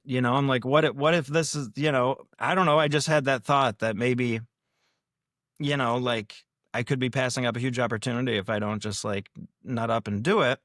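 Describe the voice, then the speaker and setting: A man's voice: mid-range voice, brisk, fairly bright tone, dry recording, clean studio sound. A man guesting on a podcast, telling a story casually in a rambling, self-deprecating way and acting out what he and others said. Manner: rambling, self-deprecating, acts out quoted lines. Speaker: podcast guest, prank video creator.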